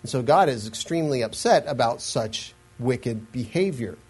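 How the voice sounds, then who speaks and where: A man's voice: mid-range voice, lively intonation, moderate pace, a little mellow, breathy edge, poor audio. A man giving an earnest, explanatory Bible lesson in a sermon style, with asides and frequent restarts. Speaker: Bible teacher.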